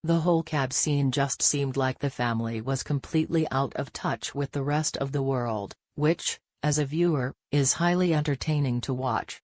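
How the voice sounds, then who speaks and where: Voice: medium pitch, normal speed, few pauses, darkish tone, no echo. A narrator reading a scripted gossip recap in a chatty way, adding personal reactions.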